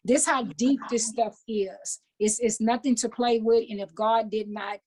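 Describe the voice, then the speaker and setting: A woman in her fifties with a Southern Louisiana accent chats as an interview guest. Her voice sits a bit high for a woman. She talks in an animated way, repeating words as she restarts her sentences. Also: measured pace. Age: 50s. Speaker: guest, author and minister. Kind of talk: casual interview chat.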